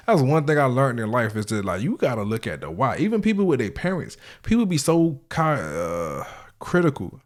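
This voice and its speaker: Man, reaction host, casual commentary, profane, slangy, animated storytelling. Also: medium pitch.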